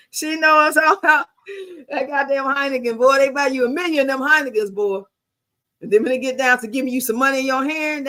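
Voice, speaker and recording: With a high, bright and forceful voice, a fifty-something woman from the US swaps stories in casual conversation. Her storytelling is emphatic, blunt and packed with profanity.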